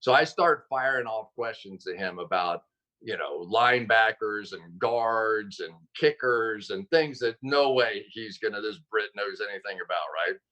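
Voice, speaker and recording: Casting: man, low-pitched, bright timbre, animated self-deprecating storyteller on a video call. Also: measured pace, muffled recording. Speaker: guest, former football player and broadcaster. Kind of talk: interview over video call.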